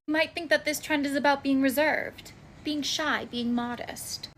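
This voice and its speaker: A woman content creator chats straight to camera with dry sarcasm. Her voice sits slightly high, and a faint hiss runs under the recording. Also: a bit bright. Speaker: social media creator. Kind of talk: casual chat to camera.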